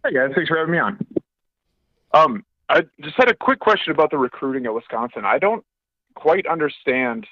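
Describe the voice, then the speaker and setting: A man's voice: on the high side, expressive, a little fast, dry recording, narrow, tinny audio. A man calling in to a sports show, asking a rambling, hesitant question. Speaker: caller. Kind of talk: call-in question.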